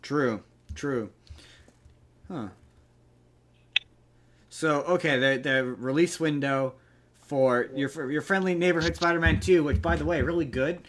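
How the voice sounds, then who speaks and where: A man's voice: on the high side, unhurried, pauses often, a bit bright, slight background noise. A man co-hosting a podcast in casual chat, rambling, restarting sentences and reading bits of articles aloud. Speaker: podcast co-host.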